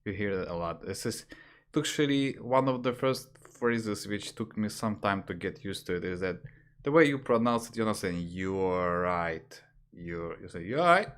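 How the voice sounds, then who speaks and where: A man teaching slang on a livestream, talking hesitantly with fillers and restarts, jumping higher when he imitates phrases. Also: expressive, normal speed. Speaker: language teacher. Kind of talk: casual livestream lesson.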